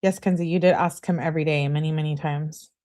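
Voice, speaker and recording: Lady chatting about a crime case, blunt and sarcastic, lowish voice. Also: fairly even intonation, fast talker, mellow. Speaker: true crime commentator. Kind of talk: casual commentary reading texts and chat.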